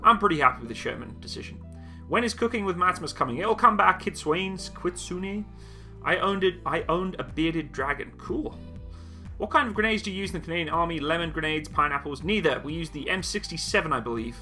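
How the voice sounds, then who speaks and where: A man's voice: on the high side, lively intonation, brisk, sharp tone, faint music behind. A man hosting a live-stream Q&A. He reads viewers' chat questions aloud and answers each in a casual, joking, self-mocking way. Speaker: military video channel host.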